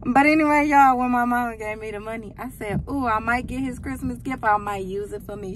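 A woman's voice: on the high side, fairly quick. A woman chatting to her viewers in a casual vlog, talking to them as "y'all" while she walks through a big store with her phone. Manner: chatty, talks straight to the viewers with lots of "y'all". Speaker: vlogger. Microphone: phone held in hand. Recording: phone audio with clear background noise.

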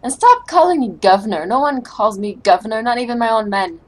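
A woman's voice: a little high, expressive, brisk. A woman voicing a scornful male pirate-gang boss, reading game dialogue in a sneering, commanding way.

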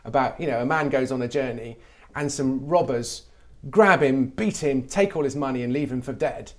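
A man's voice: mid-range voice, normal speed. A middle-aged man from England, a comedy writer talking animatedly in an interview and slipping into mock voices when he quotes people. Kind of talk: conversational interview.

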